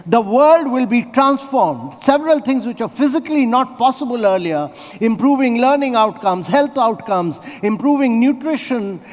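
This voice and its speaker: A man's voice: very high-pitched, animated, normal speed. An older man from India, speaking as an honored guest in an on-stage conversation, building his points step by step with figures and lists. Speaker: award honoree, interview guest. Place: large conference hall. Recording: reverberant event hall.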